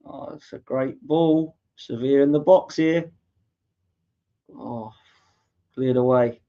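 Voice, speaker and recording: A man from England commentating live on a match as a fan podcast host, reacting loudly to play and reading viewer comments. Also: mid-range voice, takes it slowly. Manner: excitable, shouts at goals, reads out viewer comments. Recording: dull lo-fi mic.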